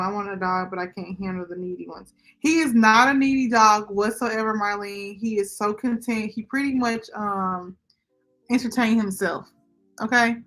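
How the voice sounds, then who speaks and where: A woman's voice: mid-range voice, fairly bright tone. A young woman, chatting casually with viewers as a livestream host. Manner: chatty, talks to viewers and chat directly. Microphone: computer microphone.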